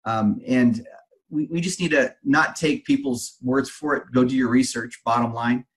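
Male podcast host with a mid-pitched voice and an animated storytelling manner. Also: normal speed. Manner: animated storyteller, fillers and restarts. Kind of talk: casual interview talk.

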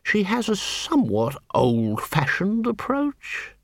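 A man voicing an old-fashioned male lawyer who drones on slowly in a raised, reedy voice. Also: high-pitched, wildly swooping pitch, creaky, no echo, studio quality, pitched above the performer's own voice, exaggerated voice. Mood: droning. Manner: slow, droning, reedy.

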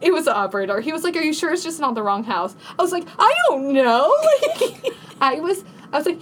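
A woman co-hosting a podcast, telling a story in casual chat, animated and laughing, acting out quotes in a high panicked voice. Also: a little fast, slight background noise. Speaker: podcast co-host.

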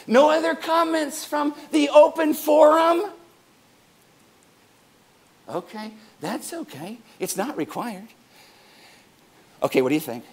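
A man's voice: extremely high pitch, expressive, slow pace, pauses often. A middle-aged man preaching a sermon as pastor, playful and joking between points.

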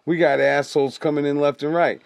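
Male co-host, blunt and profane, slightly high voice, dry sound. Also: flat delivery, fairly quick, vocal fry, smooth, no echo. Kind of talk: casual conspiracy chat.

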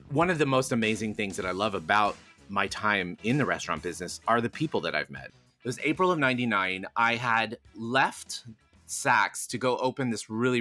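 A man, a podcast guest, telling a candid personal story in a frank, animated way and swearing casually. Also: fairly low pitch.

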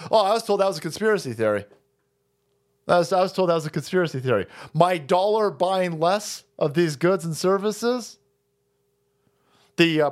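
A man ranting on his stream in a high, animated voice. He swears constantly and mocks his targets. His delivery leaps up and down. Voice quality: foul-mouthed, loud and mocking. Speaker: stream host. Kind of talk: ranting political commentary stream.

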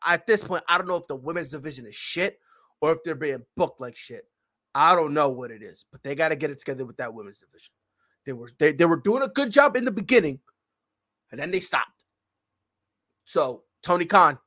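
A man's voice: sits high, very animated, a little fast, long pauses, pushed and bright. A young adult man hosting a podcast, ranting in a profane, fired-up, slangy way. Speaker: podcast host. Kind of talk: opinionated casual podcast rant.

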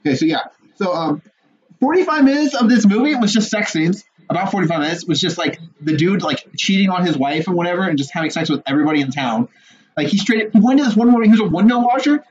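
A young man co-hosting a podcast in casual chat, animated and swearing a lot, laughing often. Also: sits high, fast. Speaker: podcast co-host. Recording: muffled lo-fi audio with faint noise.

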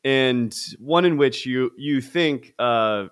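A man's voice: mid-range voice, slow, smooth. Young adult man, casual podcast co-host, loose rambling delivery with frequent restarts. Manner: rambling, animated, many restarts. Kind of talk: casual film discussion.

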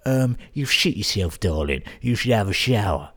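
A man's voice: on the low side, lively intonation, moderate pace. A man voicing an awkward, overly polite young man in a prim, fussy tone.

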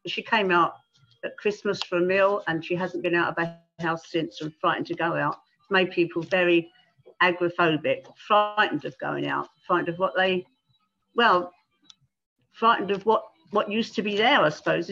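An older woman talks in a gentle, halting way, stopping often to restart her sentences. Her voice comes through a dull, muffled call line with little clarity. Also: on the low side, gravelly. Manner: gentle, hesitant, many ums and restarts. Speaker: guest, retired pastoral carer. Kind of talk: casual conversation.

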